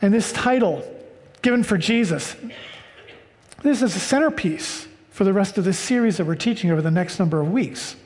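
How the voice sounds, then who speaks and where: An American man preaching a sermon, reading scripture and explaining it with slow, deliberate emphasis. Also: sits high, animated, darkish tone, in a large hall. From United States. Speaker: pastor.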